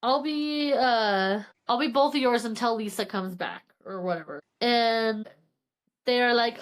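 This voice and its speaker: A woman's voice: fairly high pitch, moderate pace. Chatty woman retelling a book plot. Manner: chatty, acts out characters' lines while retelling plot, many "like" fillers. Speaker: book podcast co-host. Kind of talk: casual book chat.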